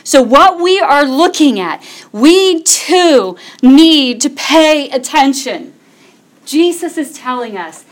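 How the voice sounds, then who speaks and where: A woman's voice: sits high, expressive, takes it slowly. A woman preaching a Bible teaching, reading scripture aloud and asking her listeners rhetorical questions.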